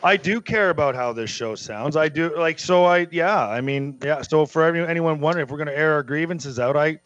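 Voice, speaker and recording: A man's voice: fairly high pitch, a little fast, fairly bright tone, dry recording, lo-fi sound. A man hosting a casual sports talk radio show, talkative and prone to repeating himself.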